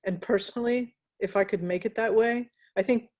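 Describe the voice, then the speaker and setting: A woman's voice: a little high, darkish tone. Reflective American woman in an interview. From United States. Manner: reflective, pausing with fillers and restarts. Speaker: interviewee, graphic novelist. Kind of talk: casual interview conversation.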